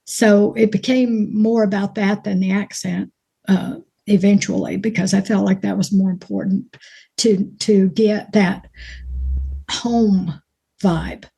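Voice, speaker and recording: Mellow woman with a mild Alabama accent. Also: mid-range voice, fairly even intonation, takes it slowly, gravelly, husky. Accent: mild Alabama Southern. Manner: folksy, chatty storyteller who laughs easily. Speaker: actress guest. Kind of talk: casual interview chat.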